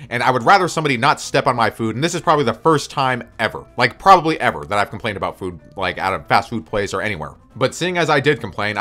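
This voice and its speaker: A man's voice: medium pitch, sharp tone. A man telling a story on his video channel, ranting and swearing as he goes. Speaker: video creator. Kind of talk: story-time vlog.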